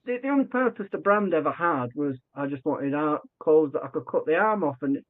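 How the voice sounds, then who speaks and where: Over a thin, tinny remote line that sounds like a phone, a man with a fairly high, brisk voice tells a story as a podcast guest. He's animated, performing the voices of the people he quotes and frequently starting his sentences over in a conversational way.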